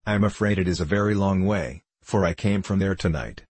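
A man reading the lines of a timid little girl lost at night, in a low, husky, plain voice. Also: brisk, darkish tone, dry recording. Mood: timid earnest. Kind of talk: audiobook reading.

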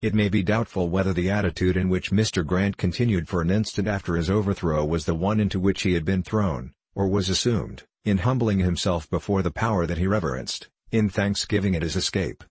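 A man narrating a classic novel in a measured, even audiobook reading. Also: low voice, slightly rough, dry recording.

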